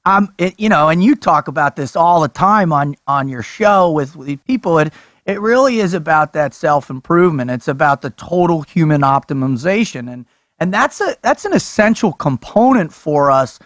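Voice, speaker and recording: A man hosting a podcast, talking with excitable energy, swearing and calling his guests brother and dude. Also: a little high, normal speed, no room sound, clean studio sound. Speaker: podcast host. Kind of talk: energetic casual chat.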